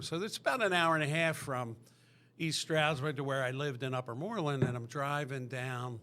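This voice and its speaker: A man's voice: mid-range voice, moderate pace, pushed and bright. A middle-aged man from Pennsylvania, a podcast guest, tells his recovery story in a rambling way, full of restarts.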